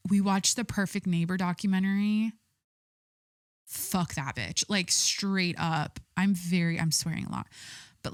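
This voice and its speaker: A woman's voice: on the low side, normal speed, dry recording, studio quality. A young adult woman hosting a podcast solo, chatting casually in a rambling way full of fillers and frequent swearing. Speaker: podcast host.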